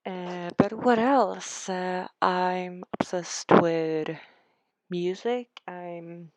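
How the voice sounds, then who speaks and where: A young Swedish woman with a Swedish accent speaks extremely slowly in a lowish, steady, darkish voice. She makes game build videos and chats casually over the build, sarcastic, rambling and self-deprecating, on a dull, lo-fi, dry recording.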